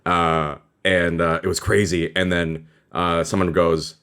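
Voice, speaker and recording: A man running an improvised tabletop role-play as guest game master, playful and deadpan with laughing asides. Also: sits low, measured pace, clean tone.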